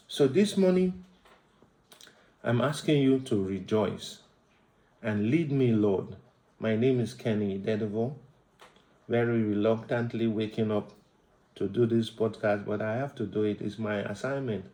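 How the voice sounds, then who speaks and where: A man's voice: medium pitch, darkish tone, roomy sound, low-quality recording. A Nigerian man hosting a devotional podcast, preaching about road safety and rejoicing, mixing Pidgin into his English with emphatic rises. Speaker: podcast host.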